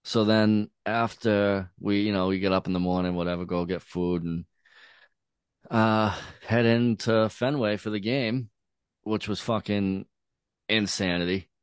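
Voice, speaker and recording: Deep-voiced man telling a casual story. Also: steady tone, a little slow, clean tone, dry recording, clean studio sound. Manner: laid-back, profane, lots of "like" and "dude".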